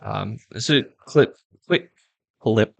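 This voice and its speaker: A man's voice: on the low side, takes it slowly, creaky, no echo. A man co-hosting a casual podcast, talking hesitantly with lots of fillers while eating pizza. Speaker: podcast co-host.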